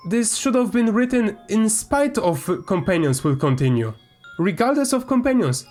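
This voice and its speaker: A man's voice: high voice, very animated, moderate pace, soft background music. A man, a gaming YouTuber, reads a statement aloud and breaks into heated, swearing commentary. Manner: heated, swearing, flares up loudly. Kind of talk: reading aloud and ranting commentary.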